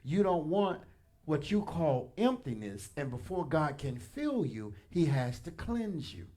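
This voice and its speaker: A man pastor preaching a sermon in a church, animated and colloquial, addressing the congregation directly with punchy asides. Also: a little high, a little slow. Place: church sanctuary.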